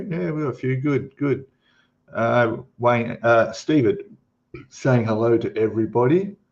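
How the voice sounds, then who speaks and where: A man's voice: lowish voice, muffled recording. A middle-aged man hosting a casual live stream, chatting and rambling as he greets viewers by name.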